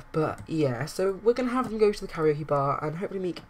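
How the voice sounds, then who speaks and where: A woman narrating her life-simulation game playthrough in rambling casual commentary, with bursts of excited outrage. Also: low voice, brisk, slight background noise. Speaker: let's play narrator.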